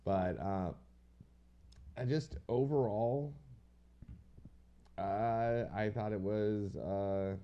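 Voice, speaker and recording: A man's voice: fairly low pitch, extremely slow, pauses often, clear, resonant tone, highs cut off. A man co-hosting a podcast, chatting casually in a rambling, slangy way and swearing now and then. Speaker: podcast co-host. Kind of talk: casual chat.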